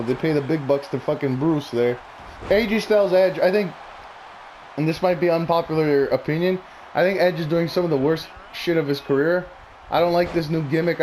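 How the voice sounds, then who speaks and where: A man's voice: fairly high pitch, a little mellow, slight background noise. A man talking casually and bluntly, rambling through opinionated predictions with plenty of swearing. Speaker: wrestling commentary vlogger.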